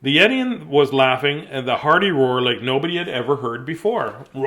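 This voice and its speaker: A man's voice: mid-range voice, animated, a little fast, hardly any pauses, a bit bright. A man reading a bedtime picture book aloud on a live stream, breaking off for chatty, chuckling asides. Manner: chatty, chuckling asides between read lines. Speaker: storybook reader and host.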